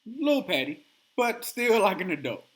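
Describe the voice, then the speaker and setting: A man hosting a podcast, telling a story in casual chat and acting out the quotes with animated energy. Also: sits high, normal speed. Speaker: podcast host.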